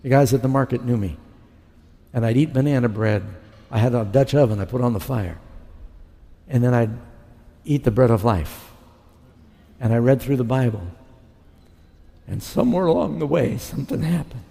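A man's voice: medium pitch, moderate pace, vocal fry, pauses often, warm tone, husky. A middle-aged man preaching a sermon, telling his conversion story and acting out his past dialogue. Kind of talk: sermon testimony. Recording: long hall reverb.

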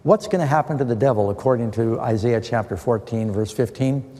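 A middle-aged man preaches a Bible-study sermon, posing a question and then answering it with verses. His voice is warm and mellow, and he sounds earnest and emphatic. A long reverb trails each phrase through a large hall. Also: mid-range voice, a little fast.

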